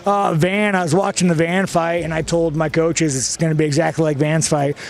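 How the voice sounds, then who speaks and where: A man with a fairly high voice tells a story at a press conference. He speaks in a blunt, profane, rambling way. The clip has loud music laid over his voice. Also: level tone, a little fast.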